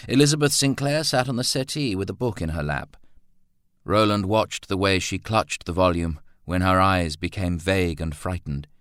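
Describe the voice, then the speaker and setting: Deep-voiced man narrating a story. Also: normal speed, a bit bright, clean tone, no room sound, studio quality. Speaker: audiobook narrator. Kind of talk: scripted narration.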